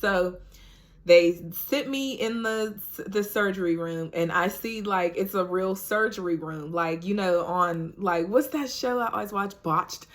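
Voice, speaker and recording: A woman's voice: medium pitch, unhurried. A woman vlogger telling a personal story to camera in a chatty, casual way, full of "like" and "you know," talking straight to her viewers.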